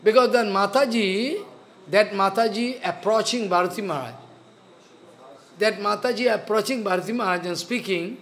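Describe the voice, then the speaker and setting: A man giving a spiritual sermon, slow and earnest, repeating his phrases. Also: sits high, a bit bright. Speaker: spiritual teacher.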